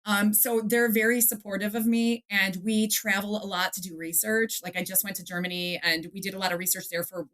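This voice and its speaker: A middle-aged woman from the Detroit area, an author chatting in an interview, lively and quick to act out quotes and laugh. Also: mid-range voice. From Detroit area, USA. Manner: animated storyteller, acts out quotes, laughs often. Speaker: author and guest. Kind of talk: casual interview chat.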